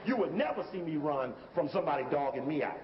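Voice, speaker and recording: A man's voice: fairly high pitch, very animated, fast talker. A man lecturing with commentary over video footage, emphatic and conversational, often repeating himself. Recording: dull recording from a hall with faint hiss.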